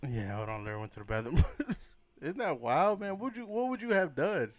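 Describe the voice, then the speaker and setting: With a fairly high pitch and a fairly quick pace, a young podcast co-host tells a crude story in casual chat. He stays animated and profane, acting out voices and laughing frequently.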